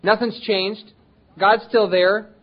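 A pastor preaches in a loose, conversational way. His voice sits a little high, and he now and then acts out whining complaints. The recording is dull and lo-fi, as if taken in a church hall. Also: steady tone, slow pace. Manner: conversational preaching with acted-out quotes of whining people. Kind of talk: sermon.

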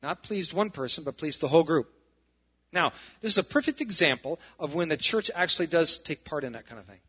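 A man's voice: on the high side, expressive, a little fast, sharp tone, breathy edge, highs cut off. A man preaching as a pastor, reading scripture aloud and adding sarcastic, emphatic asides. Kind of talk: sermon.

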